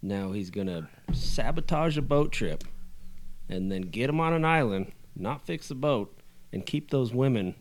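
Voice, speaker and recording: A man's voice: medium pitch, animated, unhurried, slight background noise. A man in a casual comedic chat with friends, spinning an offhand theory with tag questions like "right?" and "you know?".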